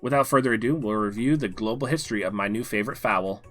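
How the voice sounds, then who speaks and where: A man voicing a small male dog who is a professor, talking in a hurried, formal and flustered way. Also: on the low side, a bit bright, faint music behind, lightly acted. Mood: lecturing.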